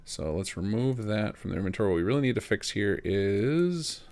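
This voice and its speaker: A man who streams his game modding, casually thinking aloud in rapid bursts and making joking asides. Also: lowish voice, animated, darkish tone. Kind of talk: live commentary while modding.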